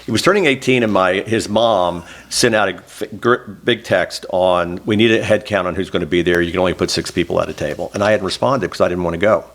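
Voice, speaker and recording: Interview guest, middle-aged man from Oklahoma, low voice, emotional and open. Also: fairly quick, hardly any pauses. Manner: emotional, candid storytelling, close to tears. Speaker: interview guest, former state senator. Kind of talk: oral history interview.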